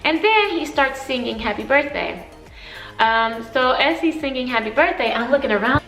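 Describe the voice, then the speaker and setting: A woman in her twenties telling a story for her vlog, animated and emotional, often laughing. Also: high voice, moderate pace, echoey room, soft background music, poor audio. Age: 20s.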